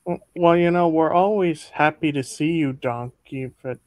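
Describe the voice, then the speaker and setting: A woman's voice: low voice, normal speed, darkish tone, no room sound, natural voice. A woman voicing a spirited young princess wife in a fan dub, patient and coaxing. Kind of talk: fan dub of an animated film.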